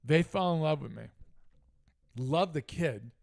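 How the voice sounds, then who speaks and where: A man's voice: fairly high pitch, unhurried, creaky. A middle-aged man co-hosting a casual sports talk show, telling a heated story with lots of asides. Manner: animated, heated retelling with frequent asides. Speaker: podcast co-host.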